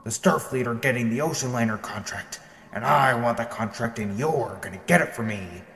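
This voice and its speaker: A man's voice: medium pitch, normal speed, gravelly, fairly bright tone, roomy sound, long reverb tail. A man voicing a bossy, scheming male harbor captain giving orders, with music behind. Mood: commanding. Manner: bossy, commanding.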